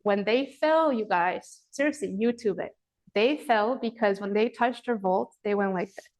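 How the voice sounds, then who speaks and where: A woman's voice: medium pitch, normal speed. Chatty woman in her forties teaching yoga. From Romania. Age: 40s. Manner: chatty, animated, addresses viewers as "you guys"; demonstrating poses while talking. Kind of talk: online workshop instruction.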